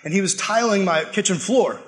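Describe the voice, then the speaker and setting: A man preaching a sermon, telling a personal story with animated delivery and quick laughs. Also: high-pitched. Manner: animated, acts out quotes and laughs while telling stories.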